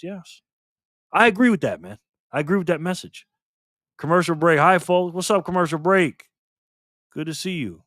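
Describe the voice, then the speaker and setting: In a fairly high, slightly bright, expressive voice at normal speed, a man runs a relaxed live stream, chatting with and greeting viewers and laughing easily. The recording is dry and clean, like a studio.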